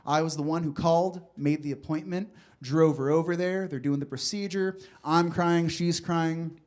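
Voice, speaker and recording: A man's voice: fairly high pitch, fairly even intonation, moderate pace, darkish tone. A man performing a stand-up comedy set on a club stage, chatty and loose, often laughing and talking to the crowd. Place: comedy club stage before a live audience.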